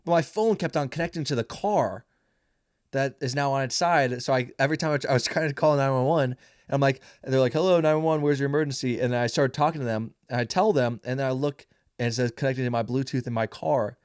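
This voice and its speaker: A man's voice: medium pitch, fairly quick, dry recording, clean studio sound. A man in his twenties, a stand-up comedian, rambling and swearing his way through a casual, self-mocking monologue. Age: 20s. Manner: rambling, profane storytelling. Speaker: stand-up comedian, podcast host.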